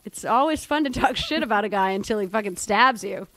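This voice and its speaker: A woman co-hosting a casual gaming chat, playful and quick to laugh and swear. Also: medium pitch, expressive, a bit bright, slight background noise. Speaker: co-host.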